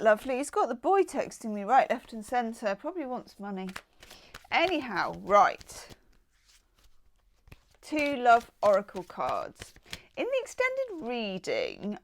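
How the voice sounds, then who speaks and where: A woman's voice: a little high, slight background noise. A middle-aged woman chatting casually through a tarot card reading, with exclaimed asides. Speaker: tarot reader.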